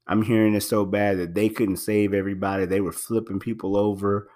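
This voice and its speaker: Male podcast host, low voice, casual and emphatic delivery, lots of fillers and repeats. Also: little pitch movement, fairly quick, a little mellow. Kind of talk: casual spoken commentary.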